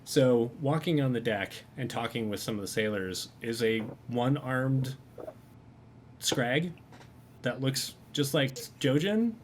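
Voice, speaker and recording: A man's voice: mid-range voice, expressive, slow pace, slight background noise. A man casually narrating as game master of a tabletop game, rambling with frequent fillers.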